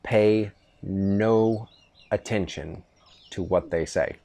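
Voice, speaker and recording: A middle-aged man with a lowish voice tells stories in a relaxed, rambling way, often stopping and restarting his sentences. He is hosting a casual chat out on a veranda. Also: slow pace, vocal fry. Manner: rambling, easygoing storytelling with restarts. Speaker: podcast host. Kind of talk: casual father-son chat. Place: outdoor veranda.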